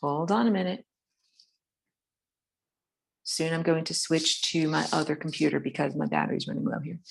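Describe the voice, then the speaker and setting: A woman with a low, slightly gravelly voice leads a relaxed drawing lesson from her home studio. She talks through the sketch loosely, with fillers and asides, recorded on a phone. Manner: casual, rambling instruction with many fillers. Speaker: art and spirituality teacher. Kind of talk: live-streamed drawing lesson. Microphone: phone camera.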